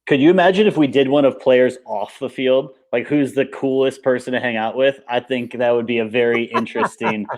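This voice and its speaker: A man's voice: mid-range voice, brisk, few pauses, darkish tone. A man who is a guest on an interview show, talking casually in a rambling way with lots of fillers and repeated words. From United States. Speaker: guest, paintball coach.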